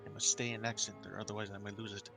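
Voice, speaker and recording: A man narrating a tabletop game as game master, halting with fillers. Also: on the low side, flat delivery, creaky, over music.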